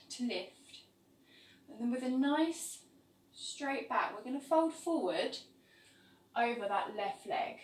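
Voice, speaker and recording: A woman teaching a yoga class, calmly cueing each pose step by step. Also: on the high side. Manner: calm step-by-step cueing of poses. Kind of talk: guided yoga class instruction. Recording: echoey room, voice from a distance, faint ambience.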